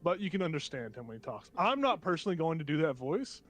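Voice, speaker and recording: A man's voice: on the high side, very animated, fast talker. A man narrating a tabletop game as game master, often chuckling and restarting as he goes.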